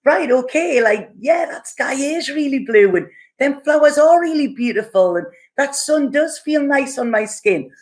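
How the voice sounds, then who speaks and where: A woman voicing a weary young wanderer who slowly takes in the beauty around him. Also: sits high, expressive, voice pushed up. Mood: musing.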